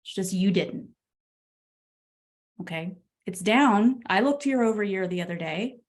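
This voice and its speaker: A woman's voice: medium pitch, expressive, measured pace. A woman coach on a group call who talks bluntly and with energy, laughing often. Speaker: real estate coach.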